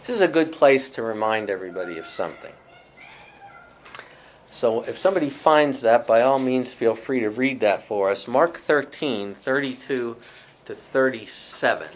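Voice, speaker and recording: A man's voice: mid-range voice, lively intonation, normal speed. Male Bible study teacher, conversational, thinking aloud, faint background hiss. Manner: thoughtful, with many fillers and restarts.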